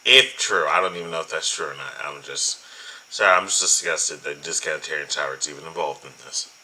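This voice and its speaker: A man's voice: very deep voice, a little fast, bright, forceful tone, husky, rough recording. A man hosting reaction commentary, incredulous, emphatic and full of swearing. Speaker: commentary host.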